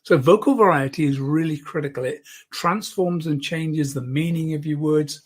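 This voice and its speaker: Teaching an online public speaking lesson, a man demonstrates as he goes and often drops to a soft voice close to the microphone. He has a fairly high pitch and a moderate pace.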